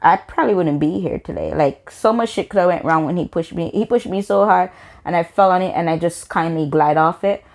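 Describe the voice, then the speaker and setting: Animated woman telling a story. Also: on the low side, a little fast. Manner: animated, emphatic storytelling slipping into patois. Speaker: vlogger. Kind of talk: storytime vlog.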